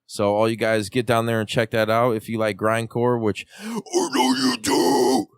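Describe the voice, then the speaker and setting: A man hosting a wrestling podcast, joking around with loud, profane hype. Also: medium pitch, lively intonation, moderate pace, smooth, dry recording. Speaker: podcast host. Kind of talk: rowdy casual chat.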